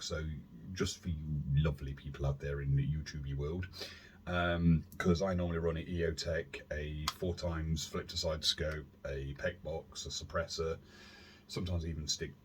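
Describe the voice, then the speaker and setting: Deep-voiced rambling man. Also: a little hiss or hum. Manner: rambling, self-deprecating, lots of fillers and asides. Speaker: airsoft YouTube channel host. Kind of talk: casual gear review vlog. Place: warm room at home, indoors. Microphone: camera on a stand.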